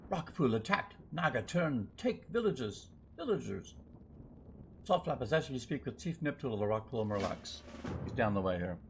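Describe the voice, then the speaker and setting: A man's voice: mid-range voice, sing-song, normal speed, a little hiss or hum. A man streaming a game live, chatting and thinking aloud in a loose, rambling way as he plays. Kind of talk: live gameplay commentary.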